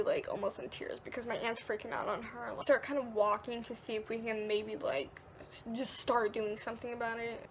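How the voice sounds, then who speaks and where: Teen girl vlogger, slightly high voice, casual storytelling, faint room hum. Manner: chatty, peppered with "like", acts out quotes.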